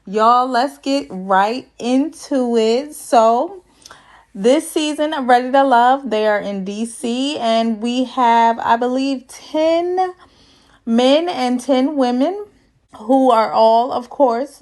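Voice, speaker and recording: A chatty woman with a fairly high voice runs a casual recap of a reality dating show. She is sassy and playful, laughs at her own jokes and slips into put-on voices to quote people. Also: takes it slowly, darkish tone.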